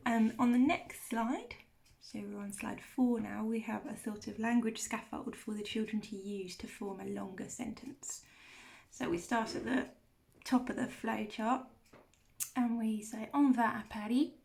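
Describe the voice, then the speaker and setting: A woman teacher talks through a vocabulary lesson at an unhurried pace. Her voice is fairly high, with a gravelly edge. She repeats words carefully and explains them one by one. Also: steady tone, darkish tone. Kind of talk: recorded vocabulary walkthrough.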